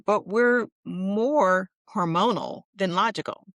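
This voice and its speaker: Chatty female podcast co-host, mid-pitched. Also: takes it slowly, no echo, studio quality. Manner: lively, affirming, chatty. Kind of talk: casual chat.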